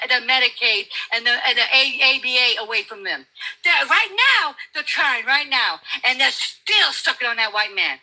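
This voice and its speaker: A woman arguing heatedly and profanely on a live stream, often shouting and talking over the other person. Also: high-pitched, poor audio.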